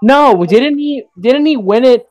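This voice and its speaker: A man's voice: very high-pitched, expressive, a little slow, a little mellow. A man co-hosting a podcast, cracking sarcastic jokes in casual chat about a wrestling show. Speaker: podcast co-host.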